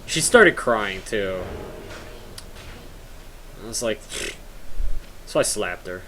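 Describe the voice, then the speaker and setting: A man's voice: fairly low pitch, expressive, takes it slowly, background noise. A young man live-streaming a game from home, rambling and joking in casual chat and reading viewer comments aloud.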